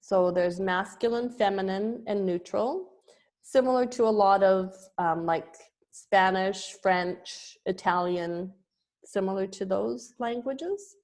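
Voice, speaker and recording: A woman giving a yoga lesson at a very slow, unhurried pace, pausing often between phrases. She hesitates with ums and restarts as she works through her presentation notes. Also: medium pitch, a little mellow. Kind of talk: slow spoken lecture with pauses.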